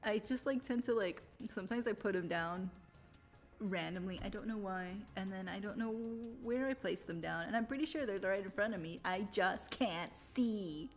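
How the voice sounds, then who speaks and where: A woman livestreamer with a medium-pitched voice chats casually with her viewers at a normal speed while soft music plays behind her. She tells stories animatedly and laughs often between sentences.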